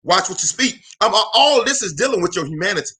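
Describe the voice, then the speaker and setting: A man hosting a live motivational talk alone in a room, energetic and emphatic, repeating phrases and calling out to viewers like a preacher. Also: high-pitched, brisk. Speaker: motivational speaker and show host.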